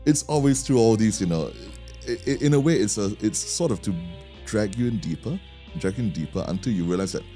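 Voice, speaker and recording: A man with a Singaporean English accent tells a story for a podcast, chatty and easygoing, often stumbling and restarting mid-sentence. His voice sits very low and sounds warm and dark. Faint music plays behind him. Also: lively intonation, a little fast. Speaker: podcast co-host. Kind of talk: casual storytelling chat.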